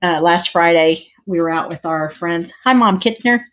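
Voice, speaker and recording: Craft vlogger, woman, lowish voice, rambling and chatty with plenty of ums, narrow phone-like recording. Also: moderate pace, slight background noise. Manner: rambling, chatty, lots of ums and side stories. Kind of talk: casual crafting tutorial chat. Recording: thin phone-like sound.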